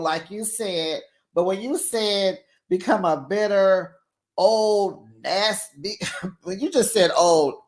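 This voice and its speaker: A woman hosting a casual reality show recap, chatty and gossipy, laughing often and calling listeners honey and child. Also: on the low side.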